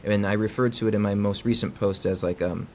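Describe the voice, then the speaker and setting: Low-voiced man explaining psychology. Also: fairly quick, slight background noise. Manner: acts out quoted dialogue with lively inflection. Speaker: guest psychologist. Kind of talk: conversational explanation.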